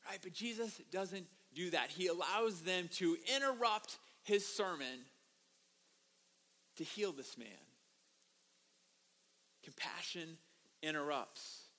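A man's voice: high voice, slow, long pauses. A man pastor preaching a sermon, telling stories with animation and asking the congregation rhetorical questions. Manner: animated storytelling, asks the audience rhetorical questions.

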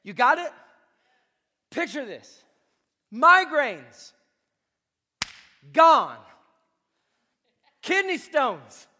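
A man's voice: very high voice, sing-song, extremely slow, long pauses, bright, forceful tone, a little hiss or hum. A man preaching a sermon as a pastor, speaking with impassioned emphasis. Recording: long reverb of a large hall.

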